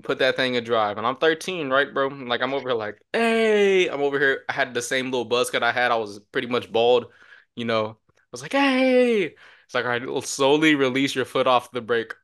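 A young man co-hosts a casual podcast and tells a story with lots of energy. He acts out every line of dialogue in it. His voice sits at an ordinary middle pitch. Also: quick pace, clean tone. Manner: animated storyteller, acts out quotes with shouts. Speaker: podcast co-host.

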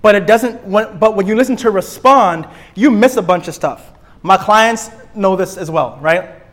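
Playful high-voiced man teaching a group. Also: moderate pace. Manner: lively, playful, acts out little scenes and repeats key points. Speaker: church teacher and therapist. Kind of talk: church teaching talk to a live group.

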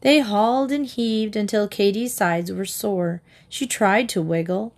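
A woman's voice: medium pitch, measured pace. Woman reading a children's book aloud. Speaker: storybook reader.

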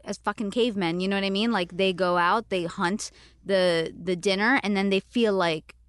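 A woman in her thirties hosting a casual chat, animated and frank, with lots of fillers and some swearing. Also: medium pitch, normal speed, clean tone, no room sound.

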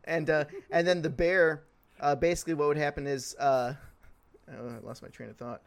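Guy cohost, kinda high pitched, rambles and laughs a lot, loose casual chat. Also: fairly even intonation, moderate pace. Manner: rambling, laughing, many fillers.

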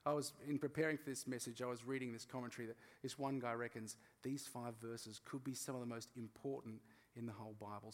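An Australian man preaches a sermon in a relaxed, self-deprecating storytelling manner. His voice sits at a middle pitch. It rings with the long reverb of a big hall. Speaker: pastor.

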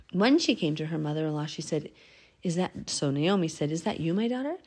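Female bible study teacher, casual and conversational, warm low voice, reads scripture aloud and then breaks it down. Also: expressive, fairly quick, slightly rough. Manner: reads verses aloud, then explains them chattily; acts out the figures' lines in an everyday voice. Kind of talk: casual scripture reading and commentary.

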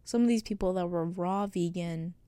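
A teenage woman chats alone into a close microphone, musing and rambling with many fillers. Her voice sounds mellow and soft-edged, and the recording is dry with no room sound at all. She talks like a casual solo podcaster thinking out loud. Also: fairly low pitch, moderate pace, clear, resonant tone, no echo. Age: late teens. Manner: rambling, filler-heavy, reflective. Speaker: podcast host. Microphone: close studio microphone.

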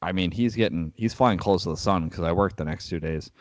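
A man's voice: low-pitched, fairly quick, no echo. A young man co-hosting a podcast, wry and teasing, mocking himself. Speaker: podcast co-host. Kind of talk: casual banter. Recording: dull dry lo-fi sound.

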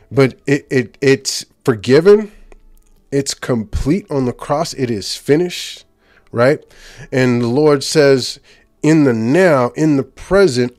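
A man preaching informally about deliverance prayer. He gets excited, speaks in quick bursts and keeps checking in with "right?". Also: mid-range voice, no room sound. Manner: excitable, rapid bursts, frequent "right?" tag questions. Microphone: handheld or stand mic, speaking to a live group.

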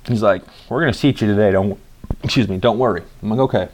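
A man's voice: fairly low pitch, fast talker. Rambling, profane young man telling a story. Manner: rambling, profane, acts out quoted dialogue. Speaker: vlogger. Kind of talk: casual storytelling.

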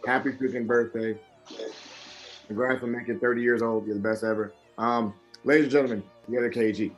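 Excitable man hosting a podcast. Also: medium pitch, fairly quick, soft background music. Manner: excitable, loud bursts and repeated restarts. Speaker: podcast host. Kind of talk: casual chat.

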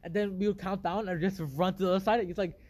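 An excitable teenage boy chatting with friends, full of "like" and quick laughs. His voice sits high for a guy. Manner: excitable, laughs often, heavy use of "like". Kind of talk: casual chat.

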